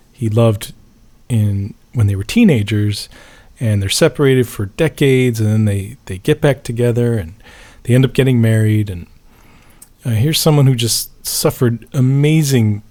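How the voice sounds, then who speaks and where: A male host talking through old records in a relaxed, chatty manner. His asides are wry and playful, and his pitch and pace sit in an ordinary middle range. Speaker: radio show host. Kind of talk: casual music show presenting.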